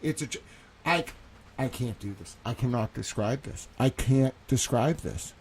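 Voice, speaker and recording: A man's voice: medium pitch, measured pace, breathy edge. A man hosting a live stream as a reporter, distressed and talking into his microphone, repeating phrases and stammering. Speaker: livestream host and reporter. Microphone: studio microphone.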